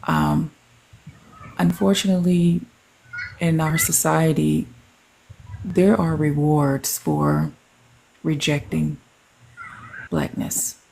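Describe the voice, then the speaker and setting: A livestream guest who speaks in a measured, deliberate way with frequent ums. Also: medium pitch, steady tone, gravelly, a little mellow, a little hiss or hum, low-quality recording. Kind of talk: casual discussion.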